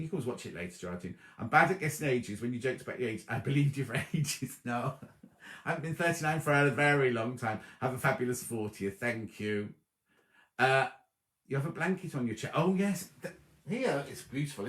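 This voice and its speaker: Chatty man, echoey room. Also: medium pitch. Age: 50s. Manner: chatty, animated, thanks viewers by name. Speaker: host of a sewing livestream. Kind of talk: casual chat reading viewer comments. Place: home room before a dark wall.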